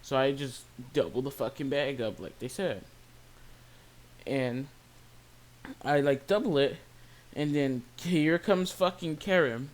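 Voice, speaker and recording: Speaking slowly with long pauses, this medium-pitched young adult who works in retail rants casually about something that happened, swearing throughout. The mood is exasperated yet lively, with plenty of profanity.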